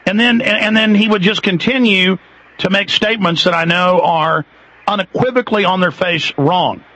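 Husky, aggressive talk radio host. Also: male voice, high-pitched, poor audio. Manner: aggressive, loud, fast-talking rants.

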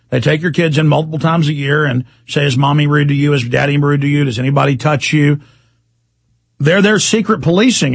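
A man hosting a call-in talk radio show, ranting and repeating himself, with sudden emphatic jumps in pitch. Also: vocal fry, breathy edge, dry recording.

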